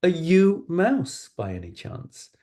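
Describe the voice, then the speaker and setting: A man's voice: sits high, huge pitch swings, slow, dark tone, voice pushed up, heavily acted. A man voicing a very young, fearless boy kitten who speaks politely and earnestly. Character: small brave eager kitten, boy.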